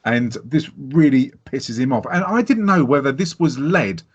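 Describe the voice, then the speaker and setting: A man co-hosting a podcast, chatting casually about a film, animated and laughing, swearing freely. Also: medium pitch, moderate pace, breathy edge. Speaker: podcast co-host. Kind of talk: casual film review chat. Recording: dull lo-fi sound.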